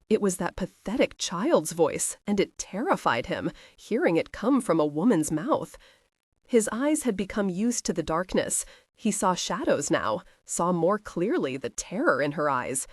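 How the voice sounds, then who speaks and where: A woman narrates a romance audiobook in a close, dry voice. Her pitch rises and falls with lively expression, and she tells the story with intimate, expressive warmth. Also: unhurried, breathy edge, no echo.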